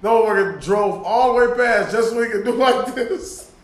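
A man's voice: high voice, moderate pace, reverberant. A man telling profane, laughing road-rage stories in casual chat.

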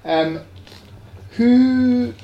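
A woman playing a tabletop game as a player, talking hesitantly with many pauses. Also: fairly high pitch, animated, lo-fi sound. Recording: roomy sound with faint music.

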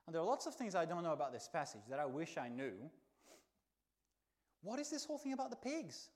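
A man preaching a sermon in a church, telling the story with lively swings between soft, hushed lines and loud exclaims. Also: fairly high pitch, brisk. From not from the country where he preaches.

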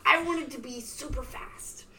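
A woman in her thirties with a high voice tells stories in a casual chat, animated and quick to laugh. She acts out the voices of people in her stories. A faint noise sits behind her. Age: 30s. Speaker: podcast co-host.

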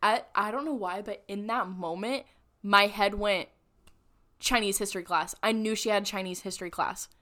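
A young adult woman co-hosting a podcast, telling stories in animated casual chat and laughing through her words. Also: medium pitch, normal speed. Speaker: podcast co-host.

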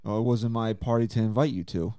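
A man's voice: fairly low pitch, steady tone, fairly quick, mellow, no room sound, studio quality. A man co-hosting a casual podcast, teasing and exasperated, swearing often as he ribs his friends. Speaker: podcast co-host.

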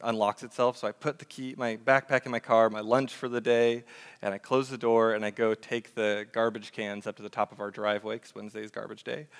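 Earnest young male pastor, smooth low voice. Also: in a large hall. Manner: earnest and conversational, with fillers and self-corrections. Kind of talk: sermon.

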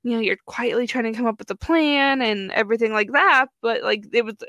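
Young woman co-host, casual filler-heavy chatter, a bit high-pitched. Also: fairly quick, fairly bright tone, no echo. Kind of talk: casual chat.

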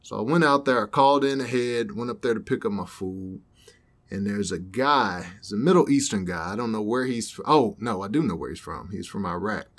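A man's voice: lowish voice, a little fast. A man hosting a podcast, telling a story in a rambling, laid-back way. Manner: rambling, laid-back, many fillers and asides. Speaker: podcast host. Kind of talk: casual storytelling chat.

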